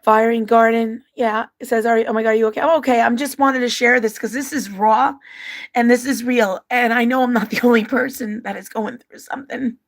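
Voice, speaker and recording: A woman's voice: a little high, steady tone, a little fast. A woman hosting a livestream, reading out viewer comments and her own personal letters in an open, emotional way. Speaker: livestream host.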